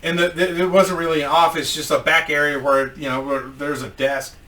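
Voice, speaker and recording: A man tells a comic story, animated and swearing nonstop, in a high, bright voice. The sound is roomy, with the mic set back from him. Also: normal speed. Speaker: comedian storyteller. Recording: roomy echo, mic at a distance.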